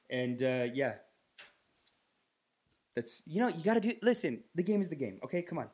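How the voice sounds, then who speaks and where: A man's voice: a little high, sing-song, moderate pace, pauses often, a little mellow, slightly rough. A man from Canada hosting a podcast, telling rambling comedic stories and swearing freely. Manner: rambling, swearing, acting out bits. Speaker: podcast host. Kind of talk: casual comedic storytelling.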